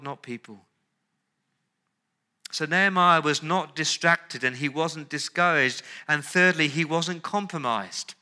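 A male pastor preaching an earnest sermon, dropping into soft, pleading tones when he voices prayers. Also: a little high.

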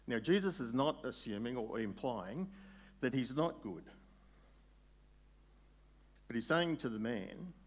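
A man preaching a sermon in a conversational way, putting questions to his listeners and slowing down on key words. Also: medium pitch, expressive. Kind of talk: sermon, Bible exposition.

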